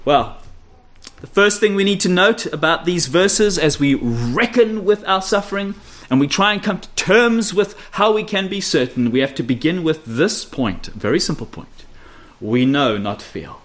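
A man preaching an expository sermon, stressing key phrases by repeating them and dropping low and quiet, and putting rhetorical questions to his listeners. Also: expressive, normal speed. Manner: asks the audience rhetorical questions.

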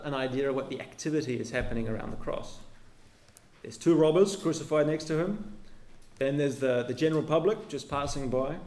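A man preaching a sermon as pastor, earnest, with his voice dropping low and soft at the ends of phrases. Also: reverberant. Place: church.

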